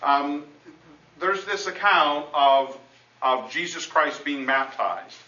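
A man's voice: on the high side, slow pace, sharp tone. A man preaching a sermon and teaching from the Bible in a conversational way, breaking off to restart and reading scripture aloud. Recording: roomy, dull sound from a distant mic.

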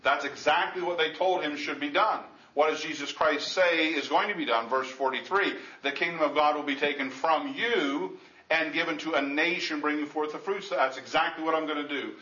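A man preaching through scripture with a bright, forceful edge and a slightly raised pitch. He talks loosely, restarting and repeating words as he explains, then reads old formal verses aloud. The sound is roomy and a little dull, like a lo-fi recording in a church hall. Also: moderate pace. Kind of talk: expository Bible teaching sermon. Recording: echoey, dull lo-fi room recording.

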